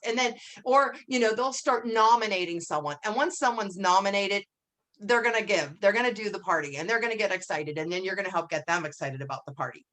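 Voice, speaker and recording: A woman coaching her direct sales team in a casual training talk. She talks in a chatty way and acts out sample lines in a brighter voice. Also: medium pitch, lively intonation, fairly quick.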